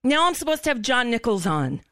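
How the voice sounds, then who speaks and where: An angry woman radio host with a fairly high voice, shaken and stammering as she rants in emphatic bursts. The sound is close and dry, with no room around it. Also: big pitch swings, a little fast, a bit bright, no echo. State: shaken and upset. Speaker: radio talk show host. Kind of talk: impassioned political talk radio.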